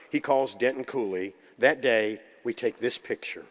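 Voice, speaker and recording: Man, keynote speaker, anecdotal humorous storytelling, medium pitch, reverberant conference hall. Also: a little fast.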